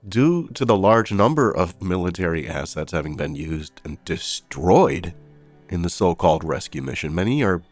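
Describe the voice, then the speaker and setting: A man's voice: sits low, sing-song, moderate pace, dry recording, soft background music. A man hosting a casual news commentary, reading headlines with sarcastic, incredulous asides.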